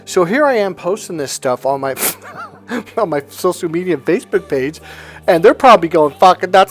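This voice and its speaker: A man's voice: high-pitched, lively intonation, brisk. Blunt, profane middle-aged man with music. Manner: blunt and profane, acts out family quotes. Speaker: self-help coach. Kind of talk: casual monologue to camera.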